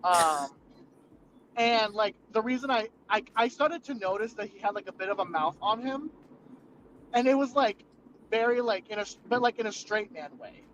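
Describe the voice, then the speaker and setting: Speaking at an ordinary pace in a high voice, a young man chats casually, spinning meandering, foul-mouthed tales from work and leaning heavily on fillers. Background noise comes through clearly on this muffled, lo-fi track.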